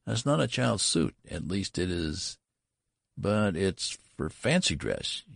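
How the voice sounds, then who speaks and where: A man voicing a fussy, curious shop clerk with a brisk, polite manner. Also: sits low, very animated, vocal fry, no echo, clean studio sound, pitched above the performer's own voice, exaggerated voice.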